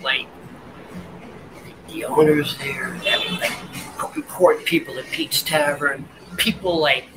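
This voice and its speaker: A man, a waiter, telling a wild story in a casual chat, animated, laughing and restarting as he acts out quotes. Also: a little high, takes it slowly, long pauses, over music, low-quality recording. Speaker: guest, waiter. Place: bar.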